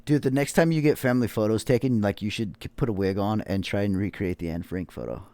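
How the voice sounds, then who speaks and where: Low, mellow-voiced man joking crudely. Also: fast talker, no echo. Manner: crude, joking, laughs often. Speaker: podcast host. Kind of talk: casual podcast banter.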